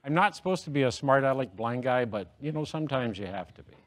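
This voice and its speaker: A man's voice: medium pitch, expressive, fast. A middle-aged man giving a humorous, self-deprecating speech to an audience, telling jokes and stories. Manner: joking, self-deprecating storyteller. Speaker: motivational speaker.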